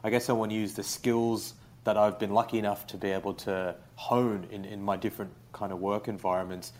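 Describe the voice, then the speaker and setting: A young Australian man, a writer being interviewed, talking in a relaxed, rambling way with lots of fillers. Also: lowish voice, a little fast. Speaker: guest, writer. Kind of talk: casual interview.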